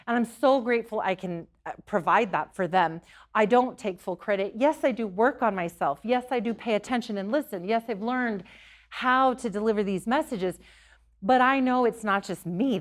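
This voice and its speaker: A middle-aged woman giving an earnest talk to a local group, telling stories and sometimes repeating herself. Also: medium pitch. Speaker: psychic medium giving a talk.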